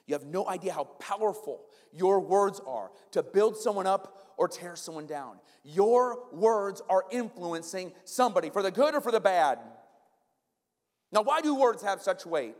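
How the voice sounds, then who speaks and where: Brief: male pastor, 40s, fairly high voice, lively conversational sermon, long hall reverb. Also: moderate pace. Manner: animated, conversational, addresses the congregation directly.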